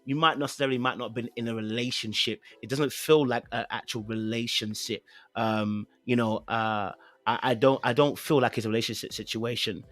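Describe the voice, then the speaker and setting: Brisk and steady, a British man hosts a podcast in the style of casual live-stream chat, rambling with many fillers and repetitions and being playfully insistent. His voice is mid-range and a bit bright, and the recording has no echo.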